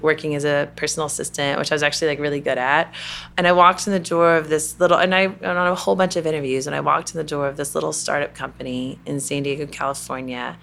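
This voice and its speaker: A woman's voice: deep voice, creaky, fairly bright tone. A middle-aged woman from Kentucky with a Southern accent, telling her story in a chatty interview with many fillers. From Kentucky, USA. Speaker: interview guest, company president. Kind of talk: conversational interview.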